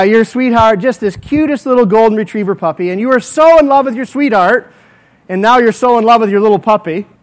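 A male pastor preaching a sermon. He prays earnestly and tells vivid, playful hypothetical stories. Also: high voice. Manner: earnest prayer. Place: church.

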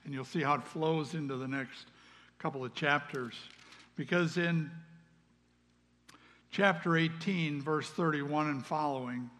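A male pastor preaches a sermon in a church sanctuary, his voice sitting a little high for a man. He talks earnestly, swinging from loud calls to hushed asides. A long reverb from the hall hangs after his words. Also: unhurried, long pauses.

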